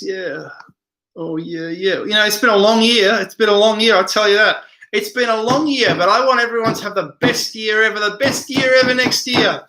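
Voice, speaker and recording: A man's voice: high-pitched, pushed and bright, reverberant. A tired man hosting a late-night live stream, reading viewer comments aloud and rambling in answer to them.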